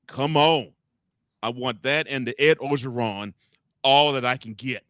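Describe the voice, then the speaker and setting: A man's voice: mid-range voice, measured pace, fairly bright tone, no echo, studio quality, close to an everyday voice. A man voicing a gleeful male football coach who boasts about all the food he wants. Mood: greedy gleeful.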